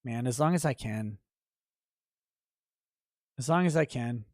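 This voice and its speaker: A man hosting a livestream, reading chat and ranting in a profane, laughing way, with sudden loud bursts. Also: mid-range voice, expressive, unhurried, no echo, clean studio sound.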